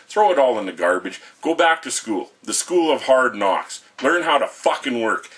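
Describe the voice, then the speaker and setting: A man's voice: mid-range voice, a bit bright, husky. A middle-aged man, delivering an angry, profane rant to camera in a blunt, lecturing way.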